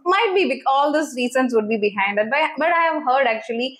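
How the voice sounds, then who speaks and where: A woman's voice: sits high, lively intonation, brisk, fairly bright tone. A woman co-hosting a reaction video, chatting casually and hunting for words with many fillers. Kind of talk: casual chat.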